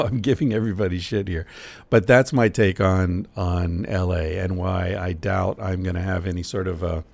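A middle-aged man riffs through a casual podcast monologue with a sardonic, profane edge. His voice sits low and gravelly. The sound is close and dry. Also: a little mellow, no echo. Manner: sardonic, profane, jokey rants. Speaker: podcast host. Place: lives in Portland.

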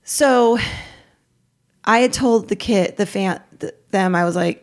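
Woman in her thirties, podcast guest recounting family trauma, animated delivery with pitch leaps on quoted lines. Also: unhurried. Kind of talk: emotional personal storytelling.

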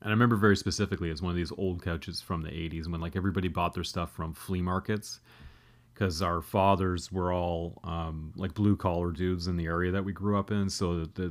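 A man's voice: low voice, fairly even intonation, a little fast. A man in his thirties telling a comedic, profane, self-deprecating childhood story as a podcast host.

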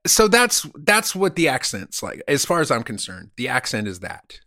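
A man in his forties co-hosts a casual comedy podcast, telling crude jokes and acting out quotes in goofy voices. His voice is bright and forward. The recording is dry and close, with no room sound. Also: mid-range voice, huge pitch swings, normal speed, no room sound. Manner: crude, joking storyteller, acts out quotes in funny voices. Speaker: podcast co-host.

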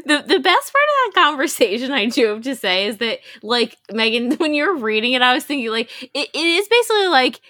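A woman co-hosting a literature podcast, firing off brash, profane quips. Her voice is fairly high and bright with a sharp edge. It is recorded close and dry. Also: big pitch swings, fairly quick, few pauses, no room sound. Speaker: podcast co-host. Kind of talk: casual literature podcast chat.

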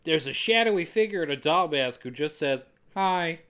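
A woman's voice: low voice, expressive, a little fast, a bit bright. Woman, co-host, casual chat, joking film recap, silly character voices.

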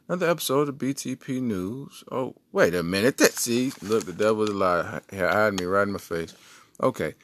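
A man's voice: on the low side, a bit bright. A man hosting a podcast, rambling and joking through comic news stories. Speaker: podcast host. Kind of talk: comedic news commentary.

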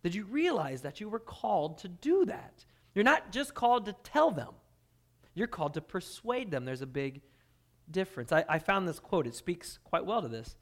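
A pastor delivering a sermon to his church, his fairly high male voice rising and falling in force. He leans on key words, slows down for scripture and speeds up when he explains. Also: very animated. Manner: dynamic preaching, drops to quiet intensity then swells loud.

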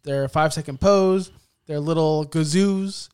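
A man co-hosting a wrestling podcast, animated and joking in casual chat. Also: a little high, measured pace, clear, resonant tone. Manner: animated, joking, talks over his co-host. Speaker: podcast co-host.

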